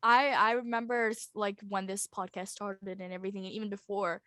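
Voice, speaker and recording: A woman's voice: mid-range voice, flat delivery, a little fast, a bit bright, no room sound. Enthusiastic woman guest host, dry sound. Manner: enthusiastic, admiring. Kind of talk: casual chat.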